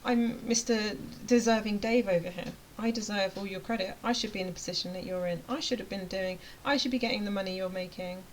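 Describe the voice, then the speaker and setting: A woman's voice: medium pitch, brisk, few pauses, a little hiss or hum, lightly acted, low-quality recording. A woman mimicking a smug, entitled man who whines that he deserves the credit and money someone else earned. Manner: whiny and self-important.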